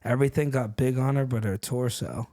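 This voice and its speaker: A man telling wild stories in casual chat, animated and laughing as he acts out other people's lines. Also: mid-range voice, a little fast, no echo.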